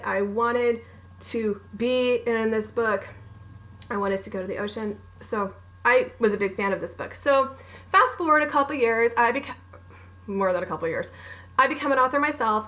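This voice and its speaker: A woman's voice: fairly high pitch, fairly bright tone, poor audio. Bubbly, gushing woman book vlogger. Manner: bubbly, gushing storyteller who acts out her own reactions. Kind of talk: casual book recommendation vlog.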